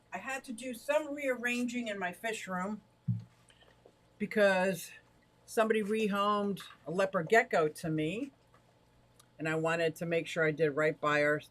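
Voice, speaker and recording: A chatty, excitable man livestreaming from his home fish room into a directional mic, talking to viewers while fiddling with his gear. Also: sits high, slight background noise. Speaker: aquarium hobbyist livestreamer. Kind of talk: casual live stream chat to viewers. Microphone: directional microphone.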